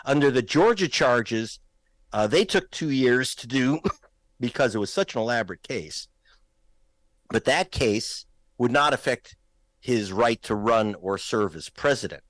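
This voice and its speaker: A man's voice: medium pitch, lively intonation, a little slow, a bit bright, no room sound. A man, a guest filmmaker, talking in a political talk show, emphatic and pointed, raising his voice to stress points.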